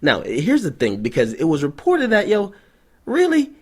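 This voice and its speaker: Profane, animated male vlog ranter. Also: fairly high pitch, normal speed. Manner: profane, sarcastic, animated storytelling. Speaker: vlog host and hip-hop commentator. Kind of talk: ranting news commentary vlog.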